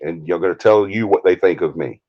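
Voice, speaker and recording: Indignant deep-voiced Southern man. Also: fairly quick, muffled recording. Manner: heated, indignant, confrontational. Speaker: paranormal team leader, stream host. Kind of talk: live-stream rant.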